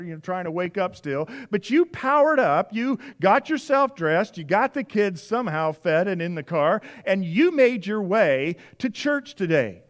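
A pastor preaching a sermon in a church, talking to the congregation in a conversational way, repeating key phrases and acting out little scenes. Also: male voice, high voice. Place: church sanctuary.

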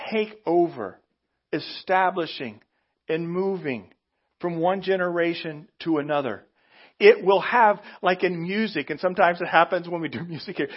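A man preaching a sermon as pastor, emphatic and animated, with sudden loud outbursts and slow, drawn-out phrases. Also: high voice, husky, dull audio.

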